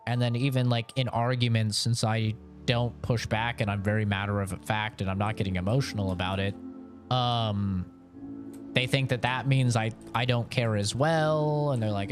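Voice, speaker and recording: A man's voice: medium pitch, fairly even intonation, moderate pace, soft background music. A young man streaming games and chatting casually, rambling frankly, swearing freely, and laughing often. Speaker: gaming streamer. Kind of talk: casual live-stream chat.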